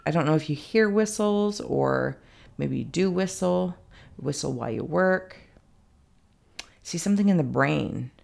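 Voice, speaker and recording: Low, gravelly-voiced woman giving a reading. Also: lively intonation, measured pace, long pauses, darkish tone. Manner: rambling, thinking aloud with frequent fillers; self-mocking asides. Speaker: psychic reader. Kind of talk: casual spoken intuitive reading.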